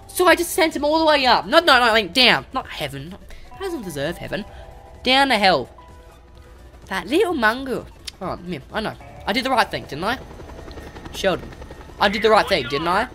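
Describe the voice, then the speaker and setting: A woman gamer giving casual let's-play commentary, chattering to game characters and breaking into excited shouts. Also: mid-range voice, normal speed, pauses often, soft background music.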